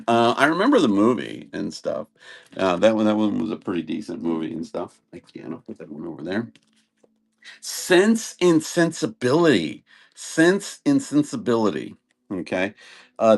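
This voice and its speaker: Chatty man with a lively voice. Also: mid-range voice, gravelly. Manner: rambling, chatty, says "and stuff" often. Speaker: live auction seller. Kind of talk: casual live-stream selling chat.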